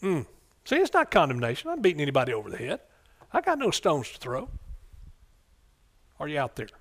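In this fervent sermon, a middle-aged man with a voice a bit above typical male pitch keeps asking for amens. He talks fairly quickly with huge pitch swings, moving from hushed asides to loud bursts.

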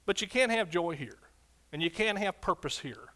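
A man preaching a fervent sermon as pastor, swinging from loud shouts to quiet, low asides. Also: animated, measured pace, long pauses.

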